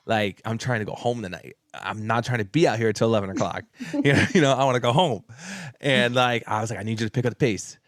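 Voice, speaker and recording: A man casually telling a long work story on a podcast, animated, repeating himself and laughing as he acts out what people said, swearing now and then. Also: mid-range voice, fast talker, no room sound, clean studio sound.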